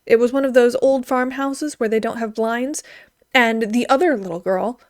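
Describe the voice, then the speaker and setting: A woman reading a story aloud in a gentle, expressive way. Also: on the high side, normal speed, no echo, clean studio sound.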